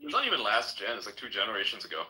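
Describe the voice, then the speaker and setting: Animated, bright-voiced man chatting casually. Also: lowish voice, very fast, low-quality recording. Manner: relaxed, swears often, animated. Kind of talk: casual chat.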